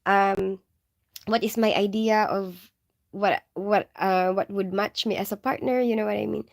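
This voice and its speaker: A woman's voice: mid-range voice, fairly even intonation, a little slow, creaky. A woman from the Philippines with a mixed Filipino and English accent, a nurse chatting casually on a livestream, giggling often and leaning on "like" and "you know". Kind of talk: casual livestream chat reading viewer questions.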